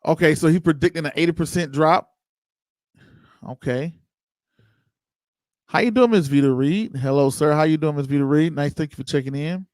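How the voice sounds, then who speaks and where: Male livestream host, slightly high voice, casual and chatty, close dry mic. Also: normal speed, pauses often, a little mellow, dry recording. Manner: loose, conversational, chats with viewers by name. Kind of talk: casual livestream commentary reading chat.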